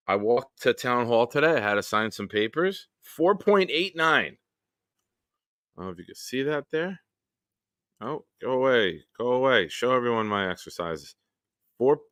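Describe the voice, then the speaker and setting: A man's voice: lowish voice, sharp tone, dry recording, clean studio sound. A man hosting a football fan livestream from his basement, rambling and swearing casually. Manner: rambling and profane. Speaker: host of a football fan show. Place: home basement.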